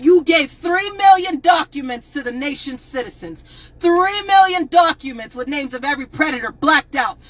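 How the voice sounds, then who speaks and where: A woman on a livestream, angrily ranting to viewers, swearing and often shouting. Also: high-pitched, moderate pace, poor audio. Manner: angry, profane, repeatedly shouting at viewers. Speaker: advocate on a livestream. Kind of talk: impassioned livestream rant.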